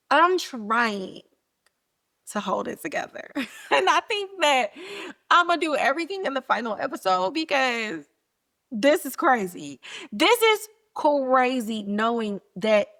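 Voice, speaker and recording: This podcast host speaks in a fairly high, unhurried voice as she gives a laid-back rundown of a TV episode. Lively throughout, she performs lines from the scenes using playful, exaggerated voices.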